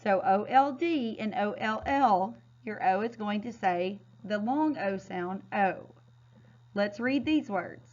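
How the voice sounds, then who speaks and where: A woman's voice: mid-range voice, a little mellow. Patient woman teaching a phonics lesson. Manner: clear, patient, drawn-out word modeling. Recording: dull, lo-fi sound.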